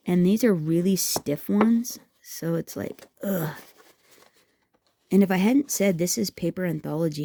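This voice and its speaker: A woman's voice: lowish voice, dark tone. A woman hosting a craft tutorial, chatting and rambling to her viewers as she works, teasing herself along the way. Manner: rambling, talks to viewers as "guys", self-teasing. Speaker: craft video host.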